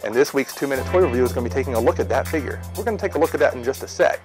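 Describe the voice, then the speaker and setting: A man hosting a show in a deliberately deep, low monotone voice. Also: music in the background, poor audio. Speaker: show host.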